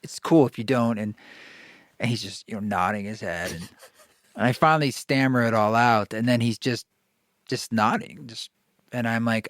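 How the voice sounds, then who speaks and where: A man telling a personal story in casual conversation, animated, stammering and restarting often. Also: mid-range voice, normal speed, no room sound, clean studio sound. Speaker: podcast guest, kirtan musician.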